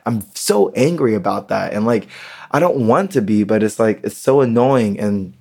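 Candid American man, halting solo monologue. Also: lowish voice, gravelly, darkish tone, slightly rough. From United States. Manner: candid, halting, with many ums and restarts. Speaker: podcast host. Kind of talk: unedited personal monologue.

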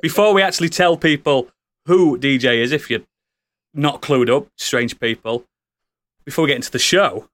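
A man with a fairly high voice hosts a podcast, teasing each guest as he brings them on. The sound is dry and close to the mic. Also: fairly bright tone, dry recording. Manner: jokey, teasing introductions. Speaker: podcast host. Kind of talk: casual podcast hosting.

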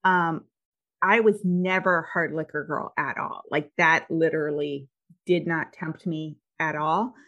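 A middle-aged woman hosting a podcast, telling stories in a candid, animated way with lots of fillers. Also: sits low, a little slow, dull audio. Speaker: podcast host. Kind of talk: casual conversation.

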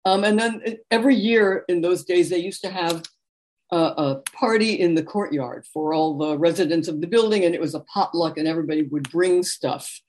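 A woman from New York is being interviewed about her book. She tells anecdotes in an animated way, breaking into laughter, and her voice sits a little low. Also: normal speed. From New York, USA. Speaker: author and guest. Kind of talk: conversational interview storytelling.

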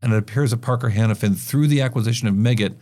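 A man hosting a business news podcast, talking through market stories in a conversational way with quick asides and frequent restarts. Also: mid-range voice, dark tone. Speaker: podcast host.

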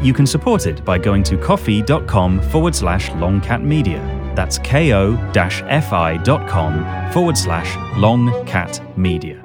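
Low-voiced man reading credits. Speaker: announcer. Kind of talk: read credits. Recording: music under the voice.

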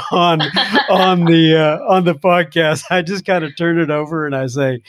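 A man's voice: fairly high pitch, fairly even intonation, no room sound. Podcast host man, dry close sound. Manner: warm, laughing, loosely halting with fillers. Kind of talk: casual interview chat.

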